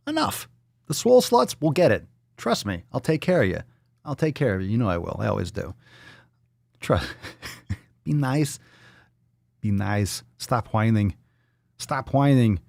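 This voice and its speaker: A male host of a live fitness show, bantering with his audience in a crude, teasing tone. His voice swings widely in pitch as he jokes around. The sound is dry and close, with no room echo. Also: creaky, a little mellow. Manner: profane, teasing, joking banter. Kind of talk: casual livestream chat.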